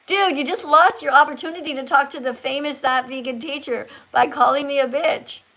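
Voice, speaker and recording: A woman's voice: high voice, a little fast, sharp tone. A woman in her sixties hosting a livestream, chatting casually, teasing callers and reading viewer comments aloud. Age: 60s. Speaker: livestream host.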